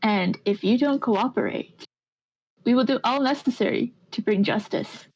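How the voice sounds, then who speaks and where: A woman voicing a stern adventurer who warns a proud man, in a slightly lowered, firm voice. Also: moderate pace, darkish tone, slightly rough, poor audio.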